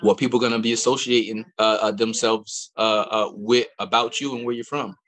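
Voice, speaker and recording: A man's voice: fairly low pitch, steady tone, brisk, fairly bright tone. A man from Albany, New York, telling stories as a guest in a casual chat, rambling with many restarts. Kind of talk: casual conversational storytelling.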